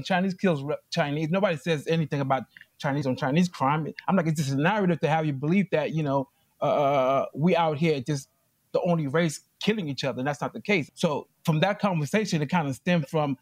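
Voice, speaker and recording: A man giving courtroom testimony as plaintiff, telling his story in an animated way and acting out what others said. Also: a little high, no echo, studio quality.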